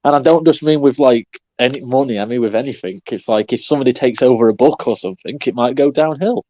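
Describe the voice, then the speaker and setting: A man co-hosting a casual podcast chat, animated, who exclaims often and laughs readily. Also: mid-range voice, quick pace, no room sound, dull audio. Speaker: podcast co-host. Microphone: online podcast recording app.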